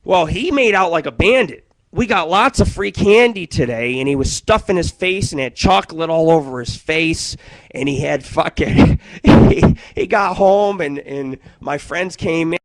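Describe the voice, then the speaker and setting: A man's voice: fairly high pitch, a little slow, no echo. A middle-aged man hosting a radio show, telling rambling, profane comic stories in a crude monologue.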